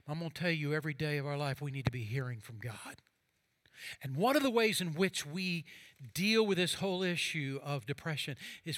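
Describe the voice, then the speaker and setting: Man preaching, high voice, bright tone, fervent then hushed, reads scripture dramatically. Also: no room sound. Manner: preaching with rising fervor and hushed quiet passages. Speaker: pastor. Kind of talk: sermon.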